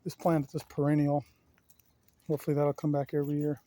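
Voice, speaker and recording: A man's voice: a little high, completely flat delivery, a little fast, warm tone. A man chatting casually to his viewers while walking around his backyard, rambling and folksy. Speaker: yard vlogger. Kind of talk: casual walk-around chat. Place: outdoors in a backyard.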